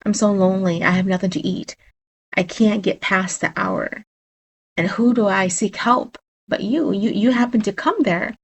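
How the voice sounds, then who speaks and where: A woman voicing a lonely young male spirit who pleads softly. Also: medium pitch, steady tone, moderate pace, gravelly, breathy edge. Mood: pleading. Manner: soft, pleading.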